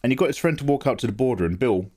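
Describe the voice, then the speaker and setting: Animated joking man streaming. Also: medium pitch, very fast. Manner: joking, animated, reads out viewer names and replies to chat. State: tired. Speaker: art livestreamer. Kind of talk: casual livestream chat.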